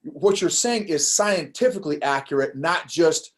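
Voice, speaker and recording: An older man talking as a podcast guest in a casual interview, animated and prone to quick restarts, laughing as he tells a story. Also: a little high. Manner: animated, laughs while telling stories, frequent restarts. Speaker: podcast guest, course creator.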